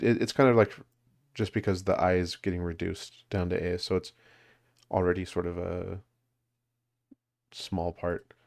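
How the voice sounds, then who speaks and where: A man's voice: sits low, vocal fry. A man leading a language study group, explaining grammar casually with many fillers and restarts. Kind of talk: casual teaching over a call.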